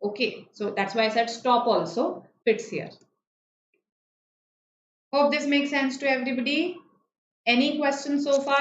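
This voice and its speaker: A woman teaches vocabulary in a live online class, patient and checking in with her students often. Her voice sits a little high. The sound is dull and roomy, with a faint hiss. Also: fairly bright tone. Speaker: online exam-prep teacher.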